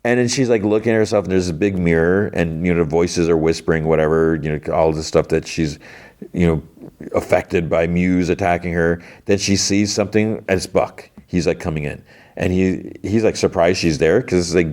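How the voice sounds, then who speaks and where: A man's voice: low voice, a little fast, darkish tone. A man hosting a podcast, casually retelling a TV episode scene by scene, full of "like" and sarcastic asides. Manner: retells scenes with quoted dialogue, lots of "like". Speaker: podcast host.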